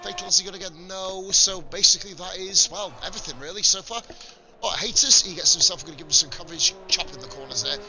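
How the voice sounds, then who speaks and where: A man's voice: high voice, fast, music in the background. Sweary man commentating a sim race. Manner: casual, sweary, rambling banter with chat. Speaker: sim racing league commentator and stream host. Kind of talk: live stream race commentary. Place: home streaming setup.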